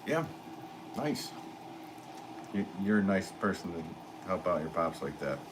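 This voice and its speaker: A man's voice: deep voice, sing-song, unhurried. A man from Connecticut, a potter, chatting casually and reading out comments on a live stream. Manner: rambling, easygoing, many fillers. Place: pottery studio. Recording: noisy background.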